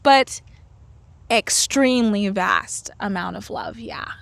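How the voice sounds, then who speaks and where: A woman's voice: mid-range voice, animated, slow, gravelly, no room sound. A woman guest in a casual interview, speaking playfully and laughing often. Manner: playful, laughs often, acts out inner voices. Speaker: podcast guest, herbal medicine lecturer.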